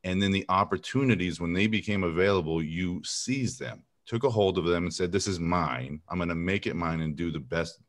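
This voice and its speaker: A man's voice: sits low, fairly quick, few pauses. A man hosting a podcast, reflecting on what his guest said and casually calling him "man". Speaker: podcast host.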